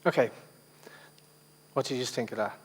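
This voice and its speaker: A man leads a public speaking workshop in a relaxed, conversational way, pausing on fillers. His voice sits at a middle pitch. The hall gives it a long reverb tail. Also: slight background noise. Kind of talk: workshop presentation. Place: conference workshop room.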